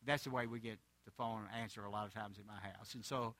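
A man's voice: on the low side, steady tone, fast talker, fairly bright tone, dry recording. An older man preaching, a pastor telling a homespun story in a sermon, with chuckling asides.

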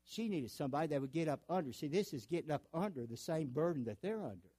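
Mellow-voiced man preaching earnestly. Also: fairly high pitch, animated, quick pace, husky, no echo. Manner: earnest, conversational preaching with repeated restarts. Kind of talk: sermon.

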